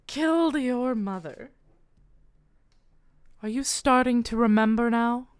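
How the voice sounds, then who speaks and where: A woman voicing an eerie, calm female being who taunts slowly and drops into whispers. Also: a little high, smooth, pitched above the performer's own voice. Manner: slow, soft and goading, slipping into whispers.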